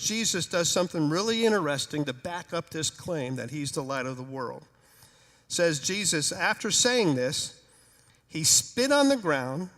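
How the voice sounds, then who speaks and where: Animated, joking man preaching. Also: high-pitched, big-room sound. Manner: conversational, humorous, animated storytelling. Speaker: pastor. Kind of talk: sermon. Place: church sanctuary.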